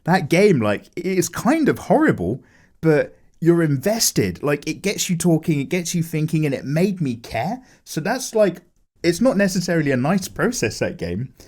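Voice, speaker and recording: A man casually chatting with viewers while drawing, animated, with lots of fillers as he reads chat aloud. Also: on the high side, moderate pace. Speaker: art streamer chatting with viewers.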